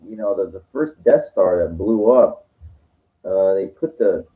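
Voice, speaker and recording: A man's voice: on the low side, expressive, a little slow. A tired, sugar-hyped man rambling in a casual monologue, full of stuttering restarts and swearing, on a dull lo-fi recording. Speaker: channel host.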